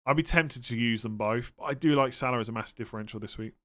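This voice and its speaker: A man hosting a live stream, chatting casually and thinking aloud as he answers viewers' questions. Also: mid-range voice. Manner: relaxed, thinks aloud with fillers and quick verdicts. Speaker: livestream host answering fantasy football questions.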